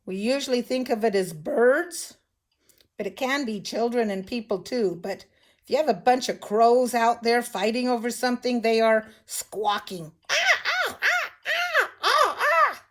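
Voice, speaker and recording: An older woman teaching children phonics, slowly and patiently sounding out words and letters. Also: fairly high pitch, darkish tone.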